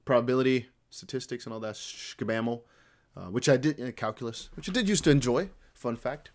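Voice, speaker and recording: A man's voice: medium pitch, a little fast. A man from the Netherlands with a near-American accent, chatting casually and rambling to his livestream viewers as a crypto host. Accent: American-sounding English with slight Dutch traces. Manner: rambling, animated, talks to chat.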